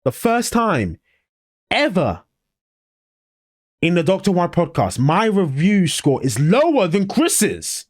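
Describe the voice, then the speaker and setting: A man's voice: sits high, huge pitch swings, slow pace, long pauses, dry recording, studio quality. Blunt, swearing male podcast co-host. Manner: blunt, swears, acts out imagined scenes. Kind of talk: casual review chat.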